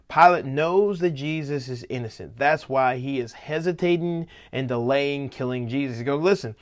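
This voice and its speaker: A man preaching a sermon, reading scripture verse by verse and then explaining it in lively paraphrase. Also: mid-range voice, normal speed.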